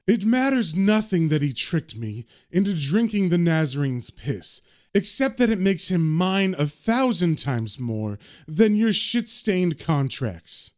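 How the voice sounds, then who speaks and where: A regal male devil, barely holding his rage, as a man reading a comic puts him on. He speaks in grave, measured threats that sink low and quiet. The tone is cold and menacing. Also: sing-song.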